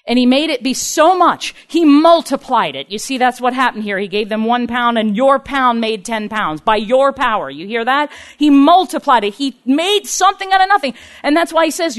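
A woman's voice: high-pitched, animated, normal speed, few pauses. A woman preaching a sermon in an earnest, emphatic way, acting out the people in her stories. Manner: earnest, emphatic, acts out quoted speakers.

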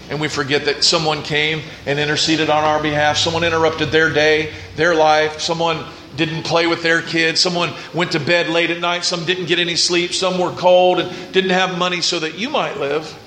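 Pastor guy preaching, bright forceful voice, kinda high, echoey church room. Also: a little hiss or hum. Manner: earnest preaching, rising and falling intensity. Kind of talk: sermon. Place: church sanctuary.

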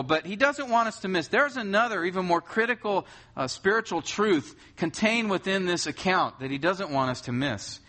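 Man, pastor, conversational sermon, rhetorical questions, bright fairly high voice.

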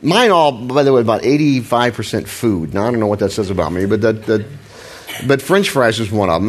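A middle-aged man preaching a sermon in a relaxed, conversational way, often restarting phrases and joking about himself. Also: lowish voice, a little fast. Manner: conversational, self-deprecating, frequent restarts. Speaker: pastor.

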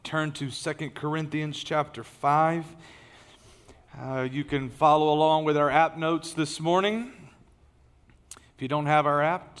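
A man's voice: fairly high pitch, a bit bright, clean tone. A middle-aged man, preaching a conversational, folksy sermon as lead pastor, with many fillers and restarts. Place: large church auditorium. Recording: long reverb of a large hall.

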